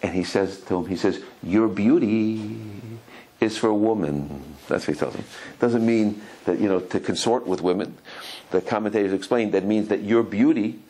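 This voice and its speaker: A man, a rabbi, giving a Torah lecture, telling stories animatedly, often repeating and restarting words, and acting out quotes with sudden high cries. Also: a little fast, hardly any pauses, poor audio. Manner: animated storytelling, acts out quotes with high exclamations.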